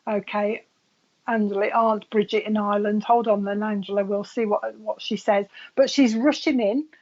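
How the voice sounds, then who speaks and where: A woman's voice: mid-range voice, steady tone, moderate pace, a little mellow, lo-fi sound. A woman working as a psychic medium, giving a live reading in a chatty way with frequent laughs.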